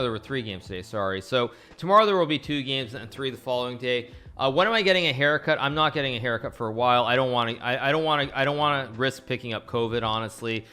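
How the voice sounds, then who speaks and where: A man's voice: medium pitch, bright, forceful tone, smooth. A man streaming a casual chess game analysis, rambling and often correcting himself. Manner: rambling, with frequent restarts and self-corrections.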